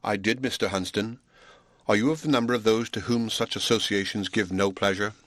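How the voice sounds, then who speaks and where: A man's voice: fairly low pitch, brisk, a bit bright, dry recording, studio quality, lightly acted. A man voicing a proud, spirited young Swiss woman teacher in an audiobook, speaking earnestly and defiantly.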